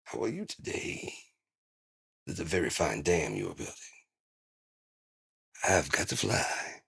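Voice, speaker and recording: A man's voice: rumbling low, sing-song, a little slow, creaky, a bit bright, husky, full character voice. A man doing a cheerful chatty talking bird. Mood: sing-song.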